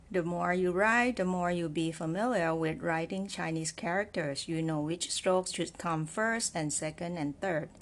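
A woman teaching a Chinese language lesson, explaining step by step, repeating example phrases and often checking in with "right?". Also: fairly low pitch. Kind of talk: slow, patient spoken lesson.

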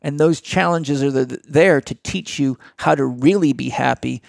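A man's voice: mid-range voice, normal speed, gravelly, no room sound, clean studio sound. A middle-aged man speaking as a guest in a blunt, emphatic motivational talk.

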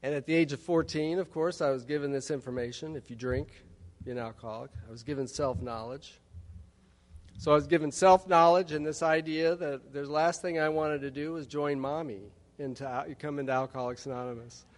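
Speaking at a recovery meeting in a big conference hall, a Texan tells his personal testimony with wry storytelling and humorous asides. His voice sits on the high side and moves a little fast, with long hall reverb in the recording.

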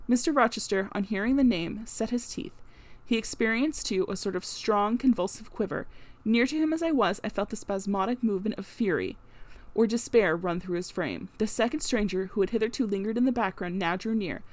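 A woman narrating a classic novel in an even, unhurried storytelling voice. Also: medium pitch. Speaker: audiobook narrator. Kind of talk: scripted narration.

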